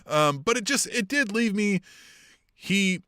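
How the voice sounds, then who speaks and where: A man co-hosting a wrestling podcast in loose, profane chat, his voice bright and forceful. He swings his pitch widely as he mimics wrestlers. The sound is dry and close, with no room around it. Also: animated, takes it slowly, smooth, no echo. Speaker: podcast co-host.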